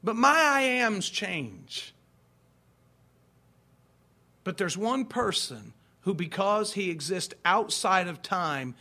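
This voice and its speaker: A man's voice: fairly high pitch, a bit bright. A man in his forties, a pastor, preaching a folksy, conversational sermon full of rhetorical questions. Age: 40s.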